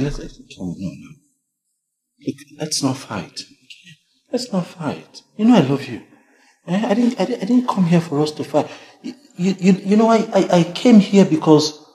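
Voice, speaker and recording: A man's voice: mid-range voice, a little mellow. An actor with a Nigerian accent playing a pleading young man caught between his lover and his mother, stammering as he talks.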